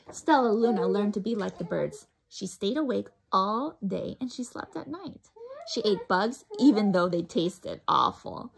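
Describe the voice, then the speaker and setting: A woman teacher reading a picture book aloud to a child, with slow, expressive storytelling and hushed asides. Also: mid-range voice, creaky, slight background noise, poor audio.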